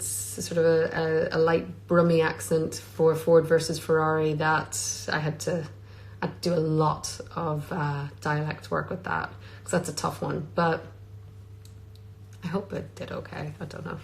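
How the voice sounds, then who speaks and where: In poor audio, a low-voiced actress chats casually on a phone live stream on social media from Scotland. She reads fan questions aloud and answers them with plenty of filler ums.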